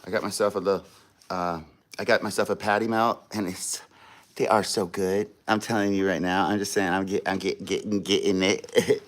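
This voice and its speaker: A man's voice: low-pitched, level tone, moderate pace. A man hosting a casual livestream, chatting to viewers in a laid-back, slangy way while eating. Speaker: livestream host.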